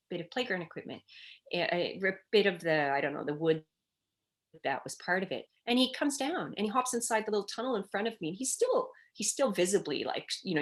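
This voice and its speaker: Middle-aged woman, expert guest, lively anecdotal storytelling, voices the kids in her stories. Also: fairly low pitch. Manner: animated storytelling, acting out children's cries in quotes. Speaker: child development expert guest. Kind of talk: storytelling in a conversational interview.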